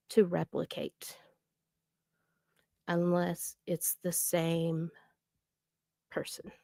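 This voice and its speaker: A woman slowly reading out and explaining a voice analysis, with many fillers. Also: fairly low pitch, gravelly, darkish tone, no room sound, clean studio sound. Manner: slow, deliberate explaining with fillers. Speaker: commentary vlogger.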